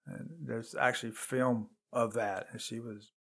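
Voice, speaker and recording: An older man from Charlotte, North Carolina, talks in a relaxed, easygoing way. His voice sits in a middle pitch, and he drops in "you know" as he reminisces. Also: measured pace, vocal fry, slightly rough. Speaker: guest, host's father. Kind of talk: casual chat.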